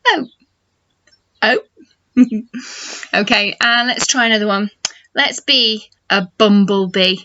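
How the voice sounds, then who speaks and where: Slow, encouraging nursery teacher. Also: female voice, medium pitch, fairly even intonation, pushed and bright, slight background noise. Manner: slow, encouraging, modelling sounds for children to copy. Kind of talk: phonics lesson for young children. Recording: dull lo-fi home video sound.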